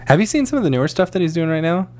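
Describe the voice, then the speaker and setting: Laughing relaxed podcast guy. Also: fairly high pitch, rapid-fire. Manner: laughs often, relaxed and chatty. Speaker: podcast co-host. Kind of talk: casual chat.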